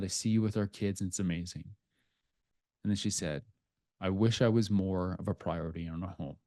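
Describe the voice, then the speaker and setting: A middle-aged man talks to his podcast listeners in an earnest, confessional tone. His voice is warm and mellow, and it drops quiet when he gets emotional. The recording is close and dry, with no room sound. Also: on the low side, dry recording. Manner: earnest, confessional, speaks softly at emotional moments. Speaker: podcast host. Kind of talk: reflective personal podcast monologue.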